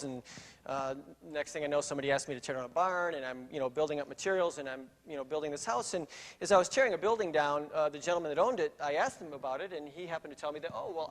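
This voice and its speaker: A man's voice: fairly high pitch, a bit bright. A middle-aged man giving a keynote talk, telling a personal story in a conversational way with fillers and restarts. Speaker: keynote speaker. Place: conference hall. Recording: long reverb of a hall.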